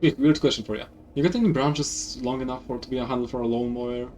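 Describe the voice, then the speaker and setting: A man streaming a game, a native Polish speaker, joking wryly while he reads the dialogue aloud. His voice sits at an ordinary pitch, with faint noise in the background. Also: fast talker, darkish tone. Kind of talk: casual let's-play commentary.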